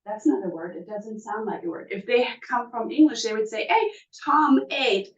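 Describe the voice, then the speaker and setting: A woman teacher presenting to parents at a school workshop, who slowly sounds out syllables to demonstrate. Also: mid-range voice, darkish tone. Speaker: first grade teacher. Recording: muffled, distant, echoey room.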